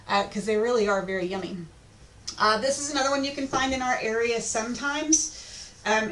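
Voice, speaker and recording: A woman teaching an online lesson in a chatty, informal way, with plenty of filler ums. Her voice sits a little high. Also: fairly bright tone, slight background noise.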